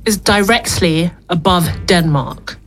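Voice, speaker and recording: A woman hosting a casual quiz among friends, reading questions out slowly. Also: on the low side, faint music behind. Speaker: quiz host.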